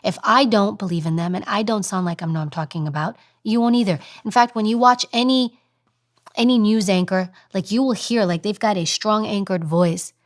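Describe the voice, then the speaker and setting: A woman's voice: medium pitch, normal speed. A woman guest in an interview, a former agent now on TV news, talking emphatically and acting out voices as examples. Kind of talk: interview advice talk.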